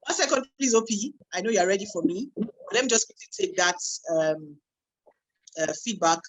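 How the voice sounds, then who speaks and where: A woman with a Nigerian English accent hosts a live online meeting. She talks in a chatty, lively way and reads audience comments aloud as they arrive, heard through a computer mic on a video call. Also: medium pitch, moderate pace, low-quality recording. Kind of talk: hosting a live online webinar.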